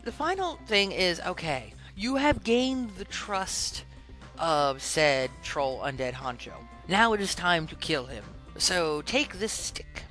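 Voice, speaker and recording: A podcast host in casual, animated storytelling about a video game, retelling a quest with exasperated asides and acted-out quotes. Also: mid-range voice, takes it slowly, soft background music.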